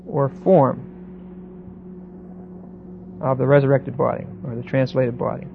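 Halting man teaching a Bible class. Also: mid-range voice, steady tone, creaky, faint music behind. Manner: halting, repeats words, checks with students. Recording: dull lo-fi recording with faint hiss.

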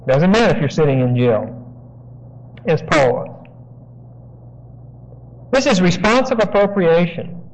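A man's voice: fairly high pitch, animated, a little slow, pauses often. A man preaching an expository Bible lesson, explaining words and giving phrases for his listeners to write down. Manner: explanatory, dictates phrases for notes. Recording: dull lo-fi sermon recording.

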